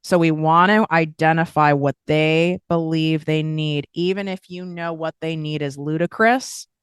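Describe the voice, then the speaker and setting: A woman hosting a podcast and coaching listeners on online business in a blunt, casual, animated way with frequent swearing. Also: sits low, measured pace, smooth, no room sound, clean studio sound. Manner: blunt, swears freely, animated with emphatic asides.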